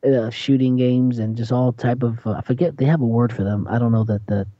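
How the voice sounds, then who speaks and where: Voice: mid-range voice, fairly even intonation, brisk, mellow, no room sound, lo-fi sound. A radio host in a casual, chatty monologue who tells stories and acts out quotes in a raised voice.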